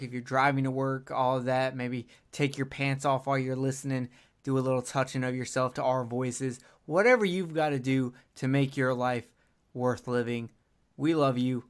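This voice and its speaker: A man's voice: medium pitch, smooth. A man hosting a podcast in casual chat, rambling with many fillers and crude jokes. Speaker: podcast host.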